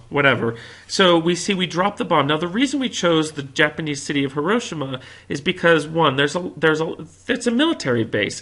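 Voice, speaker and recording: Bright-voiced American man lecturing history. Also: on the high side. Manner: animated storytelling, acts out quotes. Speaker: history teacher.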